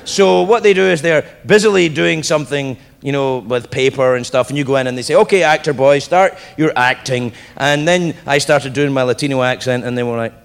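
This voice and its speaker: A man doing stand-up, telling a story with sudden shouts and put-on voices. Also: mid-range voice, a little fast, gravelly, hardly any pauses, clean tone. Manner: animated, swings into shouted put-on voices and laughs. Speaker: stand-up comedian. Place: comedy club stage. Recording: live in a hall with crowd and noise. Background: audience laughter.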